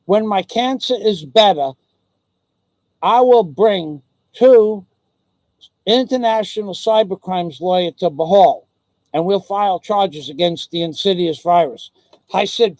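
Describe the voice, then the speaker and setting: A man's voice: sits high, measured pace, a little mellow, no echo. A man hosting a livestream, ranting angrily and with heavy profanity, often repeating his phrases. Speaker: livestream host. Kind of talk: angry livestream rant.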